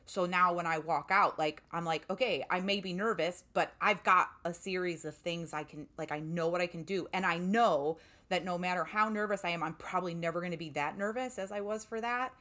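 A young woman tells a story in a relaxed, chatty way and leans on "like" constantly. Her voice sits a little low for a woman but has a bright, forceful edge. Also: a little fast. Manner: chatty, lots of "like" fillers. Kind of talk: casual storytelling.

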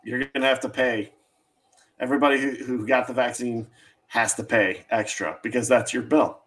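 A man's voice: mid-range voice, steady tone, normal speed, a bit bright, poor audio. Blunt, disgusted talk show man. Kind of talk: political talk show chat.

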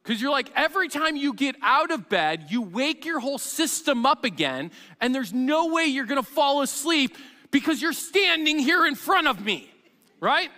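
A middle-aged man preaches from the pulpit, his voice high and bright. He tells stories with energy and plays out both the parent and the child. A long reverb trails his words through the sanctuary. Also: moderate pace. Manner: animated storytelling, acts out parent and child. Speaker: pastor. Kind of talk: sermon.

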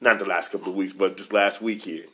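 A man's voice: sits low, steady tone, quick pace, pushed and bright. A man co-hosting a casual chat, talking emphatically and exclaiming often. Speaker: co-host.

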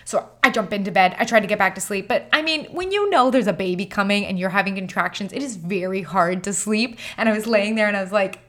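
A young woman shares a personal story in a loose, chatty way, peppering her sentences with "like" and "um". Her pitch sits in a middle range for a woman, and she tells it with animated energy. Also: fast, hardly any pauses. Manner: chatty, animated, many "like" fillers. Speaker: mother telling her birth story.

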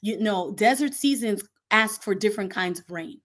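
A woman pastor talks with an earnest, sermon-like rhythm, building on repeated phrases. Her voice sits at an ordinary middle pitch. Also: normal speed, fairly bright tone. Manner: earnest, preaching cadence with repetition. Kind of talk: faith podcast conversation.

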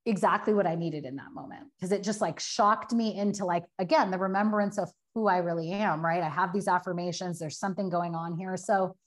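A woman's voice: lowish voice, steady tone. Earnest woman telling her story. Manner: earnest, fast, many filler likes, acts out quotes. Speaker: guest. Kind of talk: candid personal story in a podcast interview.

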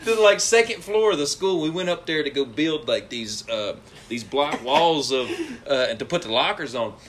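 A man's voice: on the high side, expressive, moderate pace, a little hiss or hum. A young man, casually telling a rambling story and laughing through it.

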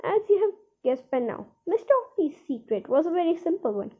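A woman reading a children's story aloud in an expressive, sing-song storytelling manner, on a dull lo-fi recording. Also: very high voice, brisk.

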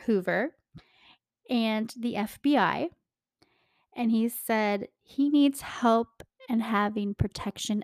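A woman's voice: fairly high pitch, slow, no room sound, studio quality. Chatty young woman telling a crime story. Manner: chatty, animated, laughs often, addresses listeners as "you guys". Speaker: podcast host. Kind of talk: casual true-crime storytelling.

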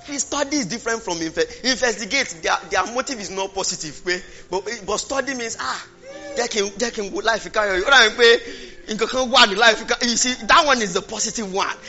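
A Nigerian man preaching a fervent sermon, shouting and repeating phrases, at times speaking in tongues. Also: high-pitched, a little fast. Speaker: pastor. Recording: muffled lo-fi recording with music.

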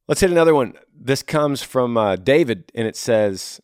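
A man hosts a casual advice show and answers listener emails in an earnest, coaching way. He acts out his listeners' worries in little voices. His voice sits at a middle pitch, recorded dry and close. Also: lively intonation, normal speed, a little mellow, clear, resonant tone, no room sound.

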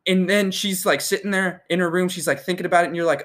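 A teenage man in casual chat, profane and animated as he retells a film. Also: sits high, fast, hardly any pauses.

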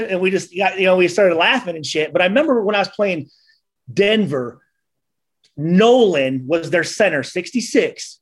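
A man from Michigan, a former football player, telling stories on a casual podcast, acting out the quotes loudly and swearing freely. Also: high-pitched, lively intonation, moderate pace.

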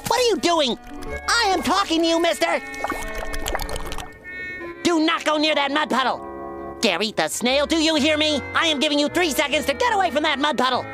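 A man voicing an excitable young male cartoon sea sponge who scolds in a squeaky, bossy way. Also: normal speed, pauses often. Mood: frantic shouting. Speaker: cartoon character. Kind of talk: cartoon episode clip. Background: loud cartoon music.

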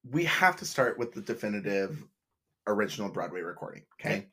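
Man, podcast co-host, husky voice, animated casual chat, laughs a lot. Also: fairly low pitch. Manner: animated, laughs often, quick asides.

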